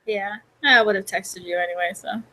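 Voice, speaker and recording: A woman's voice: mid-range voice, fairly even intonation, normal speed, pushed and bright, low-quality recording. A woman vlogger and host in casual chat, chatty and rambling with many fillers.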